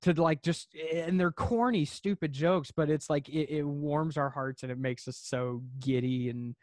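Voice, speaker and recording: A man with a fairly high voice rambles through a story as a podcast guest, leaning on lots of filler words as he goes. He sounds laid-back and unhurried. The sound is dry, with no room around it. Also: fairly even intonation, a little mellow, dry recording. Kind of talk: casual chat.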